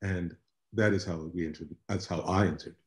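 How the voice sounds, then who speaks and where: A man speaking as a panelist on a virtual conversation, halting and repeating words as he thinks. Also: sits low, fairly even intonation, reverberant. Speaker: panelist artist. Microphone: video call.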